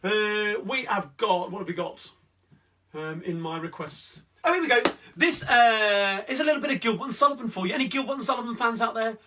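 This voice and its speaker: A man with a Cockney accent chatting between songs as the host of a live-streamed sing-along, rambling cheerfully through requests and shout-outs. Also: high-pitched, expressive, brisk. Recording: distant mic with guitar playing.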